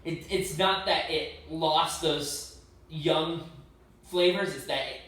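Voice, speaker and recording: A man's voice: a little high, slow, fairly bright tone, distant mic. A man co-hosting a casual whiskey tasting, opinionated, often restarting his sentences. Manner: opinionated, restarts phrases, prefers bourbon. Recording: very echoey room, a bit off-mic.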